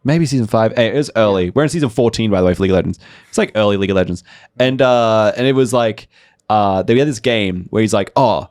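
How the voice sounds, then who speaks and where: A young man co-hosting a podcast, telling stories in a casual, animated way and acting out the people in them. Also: lowish voice, quick pace, no echo, studio quality. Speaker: podcast co-host. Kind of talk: casual storytelling chat.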